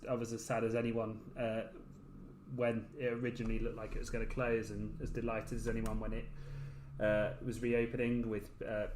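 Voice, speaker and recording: A man's voice: mid-range voice, darkish tone, echoey room, low-quality recording. A man from Birmingham, a guest on a podcast, chatting casually and often restarting his phrases. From Birmingham, England.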